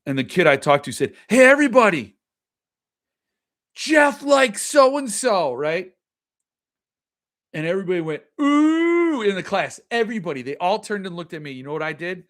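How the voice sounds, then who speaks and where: A middle-aged man talks casually to his viewers, answering their comments as they come in. His voice sits a little higher than most men's, and he often breaks off and starts his sentences again. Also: fairly quick, long pauses. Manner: chatty, reacts to viewer comments, trails off and restarts. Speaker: host. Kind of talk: casual livestream chat.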